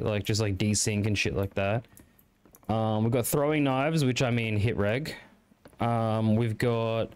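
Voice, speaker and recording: A man's voice: mid-range voice, smooth. A young Australian man from rural Victoria, chatting casually to his stream audience in a loose, rambling way with plenty of swearing. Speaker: game streamer. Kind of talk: casual chat.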